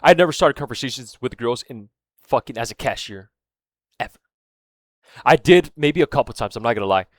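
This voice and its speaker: A man rambles through a personal story, swearing freely and often losing track of what he was saying. His voice sits at an ordinary middle pitch. The recording is dry, with almost no room sound. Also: lively intonation, brisk, long pauses, no echo. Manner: rambling, profane, keeps losing his thread; filler-heavy, with frequent "right?" and "man". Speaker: vlogger. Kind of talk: casual rambling monologue.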